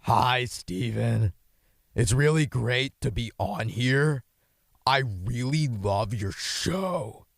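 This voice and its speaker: A young man with a hoarse voice voicing a slow, dim middle-aged male office accountant, speaking in simple broken phrases. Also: medium pitch, lively intonation, dry recording, studio quality, pitched below the performer's own voice, full character voice. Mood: dopey. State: hoarse from yelling. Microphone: microphone.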